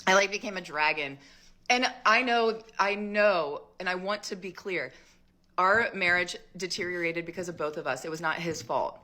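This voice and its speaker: A woman's voice: on the low side, normal speed, pushed and bright. A woman in her thirties telling her own divorce story in a chatty vlog style, full of fillers.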